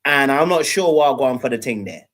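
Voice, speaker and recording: A man comments on a dating show as a podcast co-host. He talks in an animated way and mocks what people say in put-on voices. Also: medium pitch, brisk.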